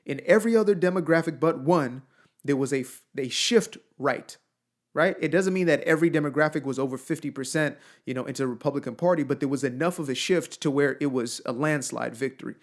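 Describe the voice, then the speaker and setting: A man's voice: a little high, fairly quick. A man delivering an emphatic solo opinion rant, with colloquial asides and rhetorical questions, who grew up outside the United States. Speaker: commentator.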